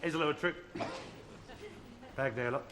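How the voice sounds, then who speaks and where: A man's voice: fairly high pitch, normal speed. A man telling bumbling jokes as a comedy host, chuckling at his own lines. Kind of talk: stand-up patter with studio audience. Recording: noisy 1970 TV studio broadcast with loud audience laughter.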